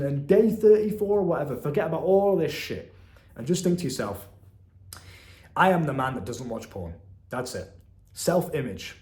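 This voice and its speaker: A man's voice: medium pitch, darkish tone, roomy sound. A young man in his twenties giving a blunt, profane motivational monologue to the camera, calling the listener "bro.". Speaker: self-help content creator.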